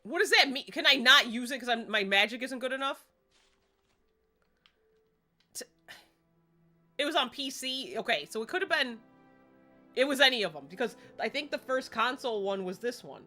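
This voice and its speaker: Animated, bright-voiced woman streamer. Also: fairly high pitch, normal speed, pauses often, soft background music. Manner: chatty, animated, self-deprecating. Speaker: livestreamer. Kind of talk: casual gameplay commentary.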